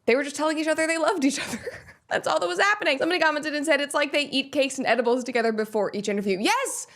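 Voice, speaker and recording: A woman hosts a casual commentary show in a high, bright-sounding voice. She talks in a sarcastic, animated way and breaks into laughs between points. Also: very fast. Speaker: show host. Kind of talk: casual pop-culture commentary.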